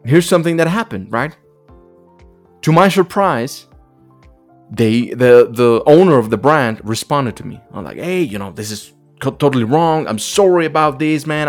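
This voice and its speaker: A man hosting a podcast alone, talking bluntly and emphatically in a casual monologue, full of profanity and repetition, with faint music behind him. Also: medium pitch. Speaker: podcast host.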